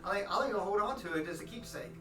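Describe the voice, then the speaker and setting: A man voicing a fumbling, earnest young male wizard who chants his rhymes slowly. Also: high voice, expressive, pushed and bright, roomy sound, recorded from a distance, soft background music, pitched above the performer's own voice. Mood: fond.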